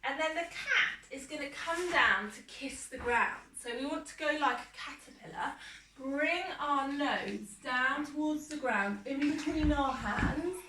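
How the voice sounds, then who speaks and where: Gentle high-voiced English woman teaching yoga. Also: lively intonation. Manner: slow, gentle step-by-step instructions. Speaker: primary school teacher. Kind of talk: guided children's yoga lesson. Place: indoor room. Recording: roomy, distant mic, faint noise.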